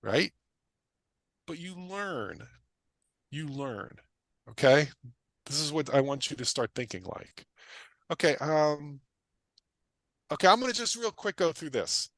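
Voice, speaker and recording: His voice sits high and sounds sing-song, swinging widely in pitch with a bright, forceful edge, captured close and dry. He's a middle-aged guest real estate investor teaching an energetic livestream class, emphatically repeating himself, using questions to drive points home, and drifting into quick casual tangents.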